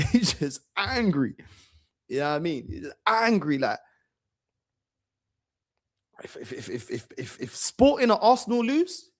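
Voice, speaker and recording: Slangy man telling a story. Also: on the high side. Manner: slangy, repeats phrases for emphasis. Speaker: football channel host. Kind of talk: casual storytelling chat.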